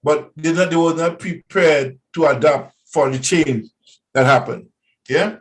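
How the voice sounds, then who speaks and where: A man's voice: a little high, a little slow, rough recording. A man, a guest speaking earnestly in a casual radio interview. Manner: earnest, warning tone.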